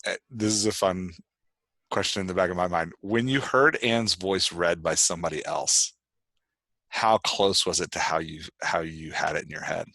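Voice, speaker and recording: A man with a very low voice hosts a relaxed interview. He rambles loosely, leaning on fillers, and the sound is dry and close with no room echo. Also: normal speed, creaky. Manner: loose and rambling, heavy with fillers like "like" and "you know". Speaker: podcast host. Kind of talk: casual interview chat.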